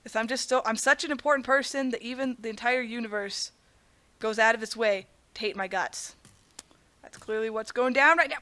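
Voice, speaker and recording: A woman's voice: on the high side, normal speed, sharp tone. A young woman hosting a let's play, narrating her gameplay with melodramatic, self-mocking complaints and talking to her viewers as "guys". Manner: talks to the audience as "guys". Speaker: gaming channel host.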